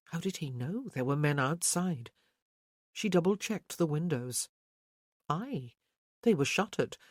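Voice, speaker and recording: An audiobook narrator telling a historical romance in a measured, even way. The pitch sits in the middle, and the recording is close and completely dry. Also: no echo.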